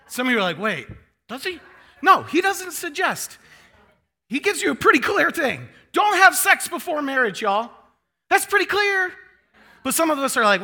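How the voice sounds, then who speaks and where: A man in his thirties preaches with a high, sharply bright voice. He swings his pitch widely as he jokes and acts out the people he quotes. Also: moderate pace. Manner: animated, joking, acts out quotes in changing voices. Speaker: pastor. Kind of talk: sermon.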